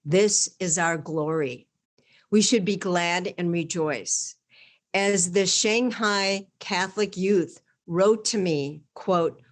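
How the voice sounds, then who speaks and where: A woman guest reading a homily aloud in an earnest, measured way, rising to emphatic peaks. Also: lowish voice.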